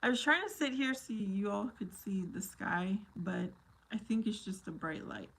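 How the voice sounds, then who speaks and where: A woman's voice: medium pitch, normal speed, creaky, a bit bright, breathy edge. A woman hosting a casual live chat, talking to her viewers by name, playful and laughing often. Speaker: livestream host.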